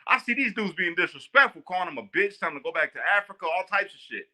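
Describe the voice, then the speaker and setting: Bright-voiced man telling a jail story. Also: high-pitched, quick pace. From Northwest Indiana, US. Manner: animated, slangy, laughs often. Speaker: guest storyteller. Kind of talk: casual storytelling.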